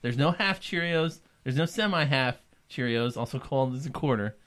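A man's voice: medium pitch, lively intonation, moderate pace, fairly bright tone. A man co-hosting a podcast in a recording studio, chatting casually in a rambling, opinionated way. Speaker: podcast co-host. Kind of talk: casual chat.

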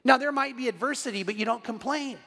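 Animated high-voiced male preacher. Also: fast, vocal fry, long reverb tail. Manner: conversational, animated preaching with acted-out quotes. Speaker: pastor. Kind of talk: sermon.

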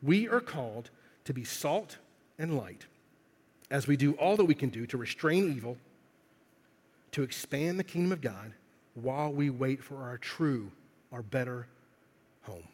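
A man preaching a sermon in a conversational, emphatic way, building to loud swells on key phrases. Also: mid-range voice, expressive, a little slow, long pauses, slightly rough. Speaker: pastor. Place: church hall. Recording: long hall reverb. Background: congregation in the room.

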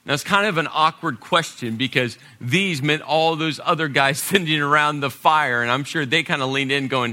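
Male pastor, bright slightly high voice, dramatic sermon delivery, swings loud to hushed. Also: normal speed, few pauses.

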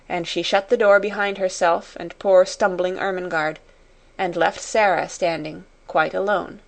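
A woman reading a classic story aloud in a measured, expressive way. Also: fairly low pitch, vocal fry. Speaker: audiobook narrator. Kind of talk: scripted storybook narration.

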